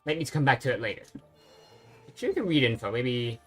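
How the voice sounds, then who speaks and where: A game streamer talking through a playthrough in an easygoing, thinking-aloud way, often stopping on fillers mid-sentence. The pitch sits at an ordinary middle level. Game music plays faintly underneath. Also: sing-song, a little fast. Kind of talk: casual let's-play commentary.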